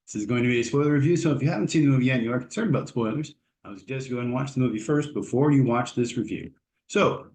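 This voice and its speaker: A man's voice: mid-range voice, darkish tone, reverberant. Man giving a rambling movie review. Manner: rambling, opinionated, many fillers and restarts. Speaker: host. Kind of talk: casual spoken movie review.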